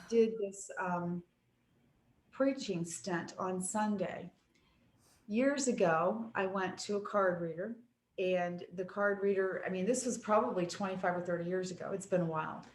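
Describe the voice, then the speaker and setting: A woman's voice: medium pitch, normal speed, echoey room. A woman guest on a talk show, telling personal stories in an earnest, reflective way. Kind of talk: casual conversation.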